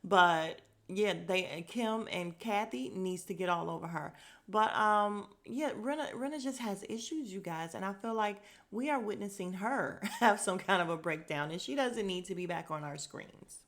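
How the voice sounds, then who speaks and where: A woman hosting a podcast, recapping a reality show in casual chat, sassy and animated as she acts out what the cast said. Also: medium pitch, normal speed.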